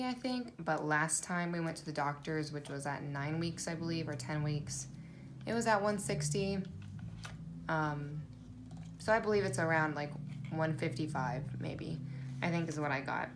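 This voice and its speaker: A woman with a notably low voice talks to camera in a casual vlog. She rambles along with plenty of fillers and restarts. A faint hum of background noise sits under her voice. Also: moderate pace. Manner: rambling, chatty, lots of fillers. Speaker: vlogger. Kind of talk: casual pregnancy update vlog.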